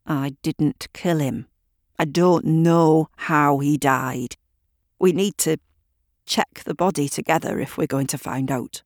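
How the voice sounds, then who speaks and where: Woman reading as a strained man through gritted teeth, slow, dry. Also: low voice, a little mellow, no room sound, exaggerated voice.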